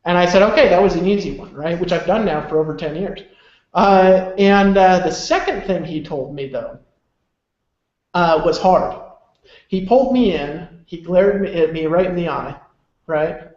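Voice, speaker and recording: A man's voice: sits high, normal speed, a little mellow, echoey room, lo-fi sound. A man presenting on a webinar, telling a motivational story in a loose, chatty way and often asking "right?" for agreement. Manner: loose and chatty with many fillers.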